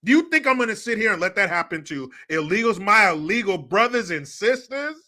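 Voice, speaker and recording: Male stream host for a sarcastic live rant; high voice, heavy mockery, swears freely. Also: expressive, brisk, bright, forceful tone. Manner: sarcastic, mocking, profane ranting. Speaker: livestream commentary host.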